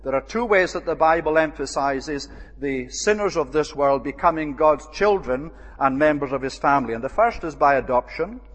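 A man preaching a measured expository Bible sermon, pausing often with "uh" as he explains a passage. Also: fairly high pitch, animated. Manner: measured, with frequent "uh" pauses. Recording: long reverb of a hall.

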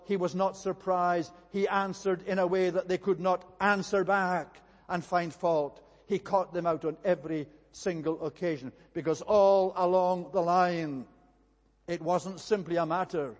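High-voiced preacher in a reverberant hall. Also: male voice, darkish tone. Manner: earnest, measured preaching with occasional slips. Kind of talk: sermon.

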